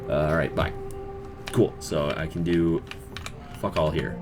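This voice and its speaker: A man's voice: extremely low pitch, flat delivery, a little slow, long pauses, over music. A man casually commenting and joking as he plays a video game, in an offhand, rambling way. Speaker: gaming channel host. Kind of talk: casual let's-play commentary.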